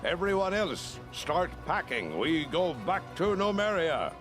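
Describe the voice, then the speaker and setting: A mutinous barbarian warrior drawls his contempt very slowly. His voice sits high and swoops widely, with game music faint underneath. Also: sing-song, fairly bright tone, full character voice. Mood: scornful. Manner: slow, scornful, swooping delivery.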